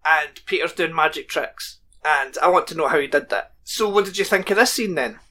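A man's voice: on the high side, brisk, bright, forceful tone. A man co-hosting a podcast, recapping a TV episode in casual chat with dry joking asides. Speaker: podcast co-host.

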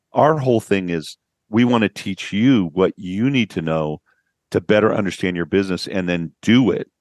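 Deep-voiced man telling client stories. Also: no echo, clean studio sound. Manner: storytelling, acts out quotes with a rising voice. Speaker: business coach guest. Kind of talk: podcast interview.

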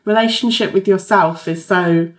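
A woman's voice: mid-range voice, normal speed. A woman in a casual chat, agreeing and finishing her co-host's sentences. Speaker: podcast co-host.

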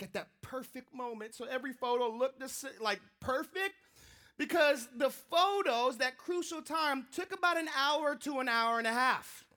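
A man preaching a sermon, telling a funny personal story in an animated, joking way. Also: very high voice. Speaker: pastor.

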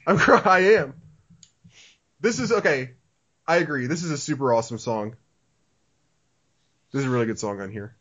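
A man's voice: mid-range voice, big pitch swings, brisk, pauses often, muffled recording. A man co-hosting a casual podcast, laughing often and reading a listener email aloud. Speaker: podcast co-host.

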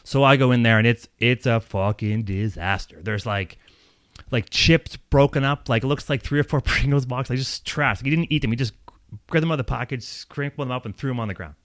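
Fairly quick and mid-range, this man's voice carries no echo as he works through a lengthy tale from his own life. The delivery is loose and meandering, full of profanity, lively, and punctuated by his own laughter.

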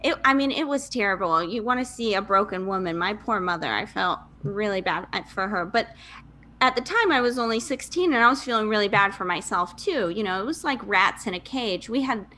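Bright-voiced chatty American woman. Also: mid-range voice, lively intonation, brisk. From Michigan, USA. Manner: candid, chatty, lots of fillers and self-deprecating laughs. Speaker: podcast guest. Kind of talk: casual conversational storytelling.

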